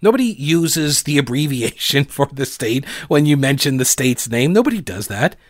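A man's voice: mid-range voice, sing-song, moderate pace, no room sound, clean studio sound. A man hosting a political commentary show, talking in a sarcastic, mocking way with frequent restarts. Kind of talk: opinionated commentary.

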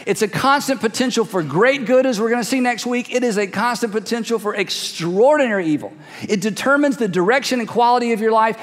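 High-voiced man preaching in a reverberant hall. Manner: emphatic, slows down to stress words. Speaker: pastor. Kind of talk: sermon. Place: church.

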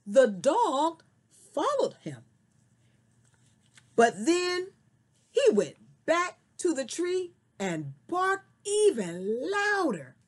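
A woman telling a story to children, slow and very expressive, then talking to her young viewers. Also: high voice. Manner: slow, sing-song and very expressive.

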